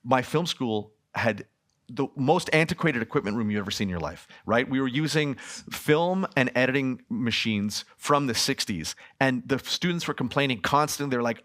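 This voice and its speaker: A man in his thirties, a film director answering questions at a festival talk, telling lively stories and acting out the people in them. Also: mid-range voice, normal speed. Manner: animated storytelling, frequent laughs, acts out quoted people.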